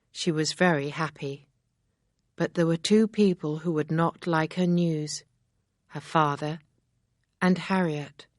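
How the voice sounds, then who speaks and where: Low-voiced woman narrating a story. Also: dry recording, studio quality. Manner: plain, even and clearly enunciated. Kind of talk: slow, clear storybook narration for learners.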